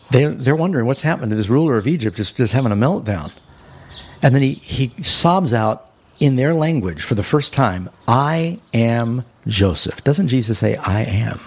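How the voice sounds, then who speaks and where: Gravelly-voiced man preaching a sermon. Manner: animated storytelling, rising high when excited, slowing down for emphasis.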